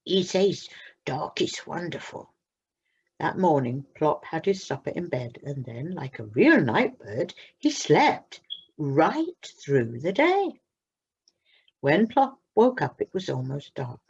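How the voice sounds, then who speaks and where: Woman reading a children's story aloud, slow, lively pitch, gravelly, husky, lo-fi recording. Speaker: storybook reader at a church service.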